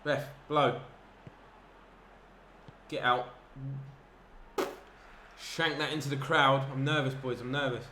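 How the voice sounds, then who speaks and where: An excitable man talks through his football video game match at a middle pitch, narrating every pass and yelping when a chance comes. His voice rings around an echoey room with steady noise behind it. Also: takes it slowly, pauses often. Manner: excitable, bursts into shouts at chances. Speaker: gaming commentator. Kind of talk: live football game commentary.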